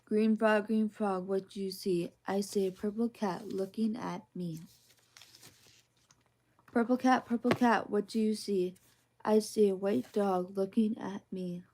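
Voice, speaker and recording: A woman with a mellow, warm voice reads children's picture books aloud for a soft ASMR bedtime session. Her delivery is gentle and sing-song. Her pitch sits in the middle range. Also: steady tone, a little slow.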